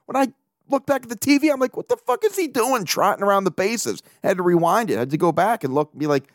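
A man riffs on a casual sports podcast, cursing freely as he rants. His pitch swings widely as he gets worked up. The sound is dry and close, with no room echo. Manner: profane, animated ranting. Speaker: podcast host.

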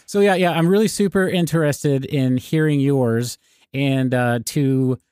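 A man's voice: mid-range voice, a little slow, a little mellow, clean tone, no room sound, studio quality. A man who co-hosts and produces a podcast, joking in a playful, self-deprecating casual chat. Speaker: podcast co-host and executive producer.

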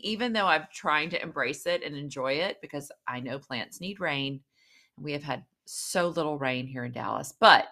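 A woman's voice: sits low, pushed and bright. A middle-aged woman, chatting casually and candidly to camera, rambling and poking fun at herself. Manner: rambling, candid, self-mocking storyteller. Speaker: vlogger. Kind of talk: casual chat.

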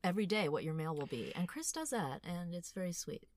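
A woman co-hosting a casual podcast chat, wry, joking and animated. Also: on the low side, brisk. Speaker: podcast co-host.

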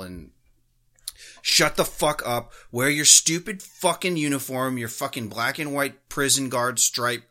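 A man's voice: medium pitch, sharp tone. Profane man on a heated podcast rant. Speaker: podcast co-host.

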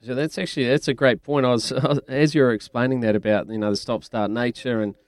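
A man's voice: medium pitch, steady tone, a little fast. A man hosting a casual sports radio show, chatty and teasing, laughing often.

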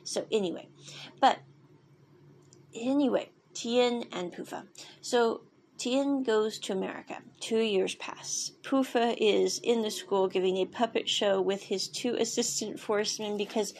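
A woman's voice: medium pitch, unhurried, darkish tone, a little hiss or hum. A woman casually recapping a story, rambling and digressive with many fillers and restarts. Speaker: show recapper.

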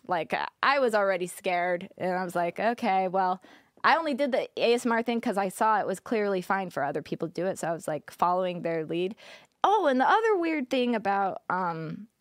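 A woman's voice: mid-range voice, no room sound, clean studio sound. Candid young woman, filler-heavy chat. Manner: casual, filler-heavy with frequent "like", laughs often. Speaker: podcast guest, former streamer.

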